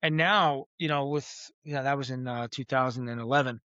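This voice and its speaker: A man speaking as a podcast guest, talking earnestly and reflectively with frequent pauses and vivid comparisons. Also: mid-range voice, steady tone, pushed and bright, no echo, dull audio. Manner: earnest, uses metaphors, many "uh" pauses. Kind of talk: reflective interview talk.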